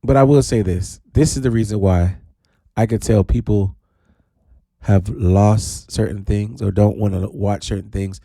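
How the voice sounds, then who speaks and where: Broadcasting from a radio studio, a male DJ host with a mellow yet gravelly voice keeps his casual talk show playful and animated, often swooping up into long, high shouts. The recording is clean and dry, with no room sound.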